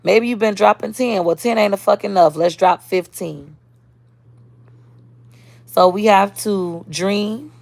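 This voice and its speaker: Blunt, gravelly woman on a live stream. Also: mid-range voice, measured pace, pauses often, a little mellow, no room sound. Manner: blunt, streetwise, reads and answers viewer comments. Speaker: social media creator. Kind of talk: casual live-stream talk.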